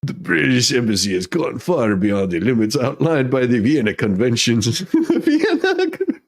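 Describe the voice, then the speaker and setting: A man's voice: medium pitch, animated, normal speed, creaky. A man hosting a comedic news commentary, reading headlines and riffing with frequent giggles. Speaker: host.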